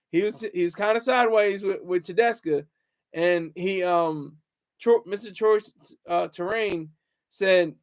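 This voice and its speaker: A man hosting a casual livestream, reading viewer comments aloud and rambling with chuckles and restarts. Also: high voice. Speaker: livestream host.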